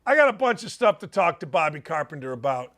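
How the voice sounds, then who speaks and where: A man's voice: on the high side, big pitch swings, fast, fairly bright tone. A man around sixty from Indiana hosting a sports talk show, delivering an emphatic, folksy and digressive monologue. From Gary, Indiana.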